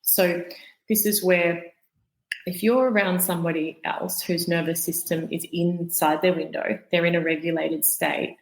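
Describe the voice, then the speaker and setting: A woman, a guest expert on the nervous system, explaining calmly and patiently in a podcast interview, walking through everyday examples. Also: lowish voice, unhurried, reverberant, rough recording.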